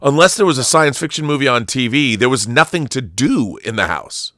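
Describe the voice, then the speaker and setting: A man's voice: mid-range voice, animated, a little fast, fairly bright tone, no room sound, clean studio sound. A middle-aged man hosting a casual chat, rambling through heartfelt stories with many restarts. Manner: rambling, restarts, emotional storytelling. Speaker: channel host.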